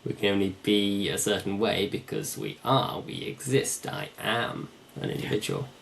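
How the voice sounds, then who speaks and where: A man's voice: fairly low pitch, normal speed, creaky, a bit bright, slight background noise. A man hosting a podcast conversation, reflective, building his ideas in repeated phrases. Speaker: podcast host.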